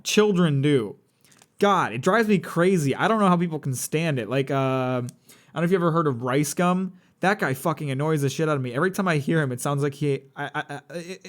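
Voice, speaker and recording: A man's voice: a little high, animated, a little fast. Sardonic, profane young male streamer. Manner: rambling, profane, blunt and sardonic. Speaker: live streamer. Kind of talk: casual live-stream chat while building a model kit.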